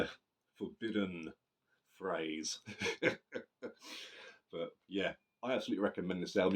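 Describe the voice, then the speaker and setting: A man with a very low voice reviews a metal record in loose, rambling chat. He swears freely and keeps restarting his sentences. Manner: rambling, sweary, self-correcting. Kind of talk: casual spoken album review.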